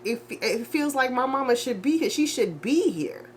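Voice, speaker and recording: A grieving young woman in a confessional vlog, speaking in halting, repetitive bursts with heavy sighs and restarts. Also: fairly high pitch, animated, a little hiss or hum. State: grieving, low and emotional. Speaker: vlogger.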